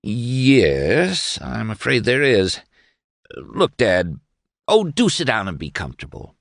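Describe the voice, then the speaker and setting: A man's voice: medium pitch, huge pitch swings, slow, creaky, no room sound, studio quality, pitched above the performer's own voice, full character voice. A man voicing a pompous, overly cordial young male lawyer with stiff, formal, senatorial speech in an audiobook reading.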